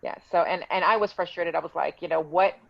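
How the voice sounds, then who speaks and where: A woman's voice: fairly low pitch, steady tone, fairly quick, creaky, dry recording, muffled recording. A woman telling her own story in a casual interview, heated and indignant as she recounts dialogue.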